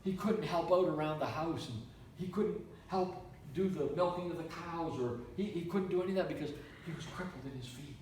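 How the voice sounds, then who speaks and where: A man from Canada, a preacher telling a story in a sermon with animated, repetitive delivery. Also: fairly high pitch, fairly quick, a little hiss or hum. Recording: echoey room, mic from far off.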